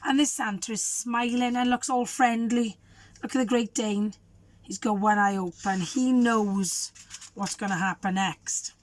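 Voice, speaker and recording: A woman teacher, a little croaky, reading a children's storybook aloud and asking the listeners questions. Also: on the high side, steady tone, a little slow. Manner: warm, asks the children questions. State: hoarse.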